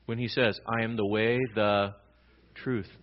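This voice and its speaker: A man pastor preaching a sermon, swinging between loud emphatic lines and quiet low ones. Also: little pitch movement, measured pace, highs cut off.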